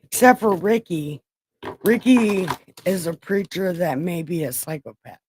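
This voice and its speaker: A woman in her forties hosting a livestream in casual, joking chat, swearing freely and laughing often, with a flat, robotic-sounding voice. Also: lowish voice, measured pace, husky, low-quality recording. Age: 40s. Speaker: livestream host.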